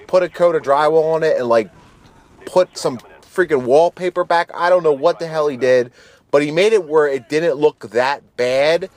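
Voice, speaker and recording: A man in his thirties spins a yarn from his youth while he plays, loose and unhurried. His talk is full of slang and swearing, and he stumbles and restarts his sentences as he goes. His voice sits at an ordinary middle pitch. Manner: relaxed, slangy, profane, frequent restarts. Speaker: gaming channel host. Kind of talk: casual storytelling over gameplay.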